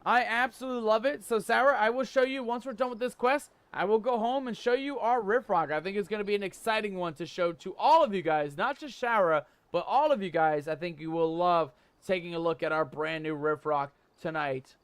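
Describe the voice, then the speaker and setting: A man's voice: high voice, a little fast, hardly any pauses, fairly bright tone, clean tone, dry recording. A man commenting on his gameplay and chatting with viewers, with playful pirate-style banter. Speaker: gaming channel host.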